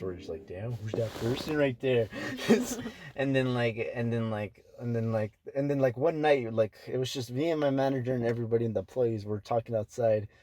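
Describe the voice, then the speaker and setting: A man's voice: mid-range voice, a little mellow. A young man hosting a casual podcast, telling work stories in a loose, profane way with lots of fillers. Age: young adult. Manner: loose, profane, full of "like" fillers, laughs often. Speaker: podcast host.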